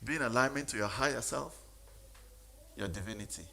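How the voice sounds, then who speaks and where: A man's voice: medium pitch, fairly quick, creaky, bright, forceful tone, a little hiss or hum. A man giving a motivational sermon, speaking emphatically and questioning the audience.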